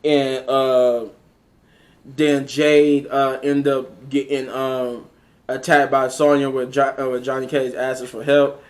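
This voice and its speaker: A man's voice: mid-range voice, flat delivery, slow. A man casually recapping a movie scene by scene, rambling with many fillers and restarts. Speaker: movie reviewer.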